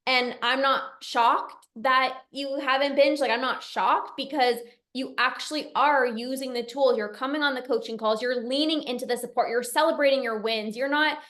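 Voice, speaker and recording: A woman's voice: sits high, fairly even intonation, moderate pace, a bit bright. A woman nutrition coach hosting, speaking in an emphatic, affirming way to her client. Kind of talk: encouraging coaching talk.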